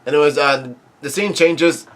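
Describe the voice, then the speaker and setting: A man's voice: a little high, moderate pace, fairly bright tone. Rambling man recapping a comic chapter. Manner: rambling, many ums and restarts. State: coughing now and then. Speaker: manga reaction host. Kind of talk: casual recap and commentary.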